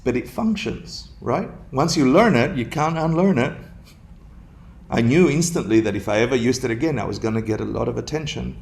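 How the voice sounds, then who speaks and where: A man from Argentina giving a dharma talk, telling a story in an animated, jokey way and laughing often. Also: mid-range voice, normal speed, gravelly, a little hiss or hum. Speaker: dharma teacher.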